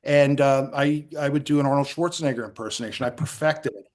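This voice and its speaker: A middle-aged man from New Jersey, a guest in a casual interview, tells animated anecdotes and acts out quotes, with frequent restarts. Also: mid-range voice, quick pace. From New Jersey, USA.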